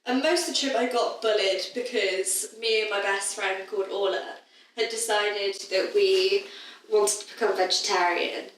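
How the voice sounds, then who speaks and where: A woman's voice: medium pitch, fairly even intonation. Young woman co-host, teasing chatter, recorded far from the mic with heavy room echo and faint hiss. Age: young adult. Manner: chatty, teasing, quick asides. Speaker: podcast co-host. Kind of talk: casual chat. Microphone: badly placed mic.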